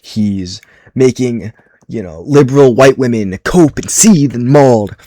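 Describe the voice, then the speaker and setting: A man delivering a rambling, deadpan, ironic comedy monologue packed with internet slang and constant fillers. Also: mid-range voice, measured pace, no echo, studio quality. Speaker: comedy video creator.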